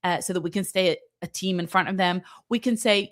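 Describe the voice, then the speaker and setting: A woman marriage coach answering viewer questions in an advice video, talking in an animated, emphatic way and checking in often with the viewer. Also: medium pitch, brisk, few pauses. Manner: animated, emphatic, lots of "okay?" check-ins.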